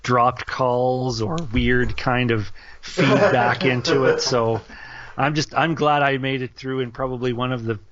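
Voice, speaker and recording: A man's voice: mid-range voice, steady tone, measured pace, a loud crowd. A man with a nasal voice, co-hosting a casual sports podcast. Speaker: podcast co-host. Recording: dry, slightly dull home setup.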